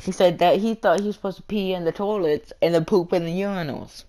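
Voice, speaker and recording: A man's voice: sits high, fairly even intonation, brisk, mellow. A male gaming vlogger telling a rambling story in casual chat, full of fillers and the word "freaking". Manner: chatty, repeats "freaking" and fillers.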